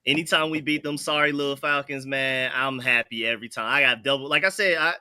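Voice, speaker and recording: A young man chatting as a podcast guest, relaxed and rambling, gloating happily. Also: medium pitch, brisk, clean tone, no echo, studio quality. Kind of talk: casual sports podcast chat.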